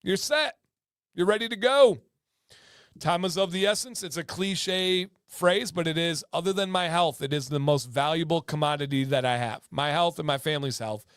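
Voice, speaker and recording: A man's voice: a little high, moderate pace, a bit bright, clean tone, no room sound. A man hosting a casual livestream chat from a home studio, talking emphatically and repeating words for stress. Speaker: livestream host.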